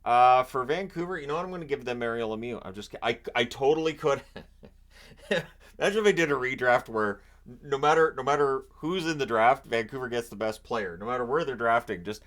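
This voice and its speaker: In a casual solo segment from home, with a washer running near him, a man on his own hockey channel wanders through his picks and cracks jokes. The voice is medium in pitch, brisk, and a bit bright.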